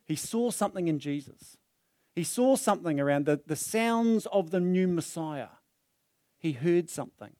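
A man's voice: a little high, normal speed, studio quality. A man, preaching a sermon and telling the story vividly, speaking into a microphone in a church hall. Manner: animated, dramatizing the story with voices. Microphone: handheld or stand mic.

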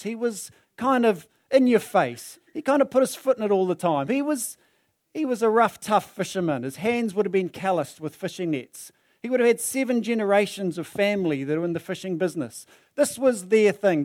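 A high-voiced man tells his sermon's story vividly in a church hall, dramatizing it with animated character voices. His handheld or stand microphone yields a clean, studio-quality sound.

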